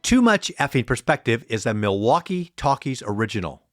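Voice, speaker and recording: A man's voice: mid-range voice, big pitch swings, fairly quick, loud music behind the voice. A man hosting a podcast, reading scripted intros and outros full of puns. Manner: punning, upbeat announcer. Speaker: podcast host.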